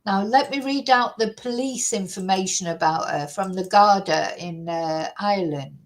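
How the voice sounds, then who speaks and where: Talking at a moderate pace, a woman with a medium-pitched voice runs a true crime channel and chats casually from her computer at home. Her indignant ranting is full of swearing, and the recording is low quality.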